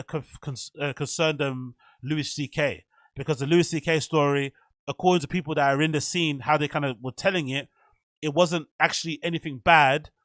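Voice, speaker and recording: A man's voice: fairly high pitch, fairly bright tone, no echo. A man hosting a show, giving chatty, opinionated commentary with meandering asides. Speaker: host. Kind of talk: casual commentary.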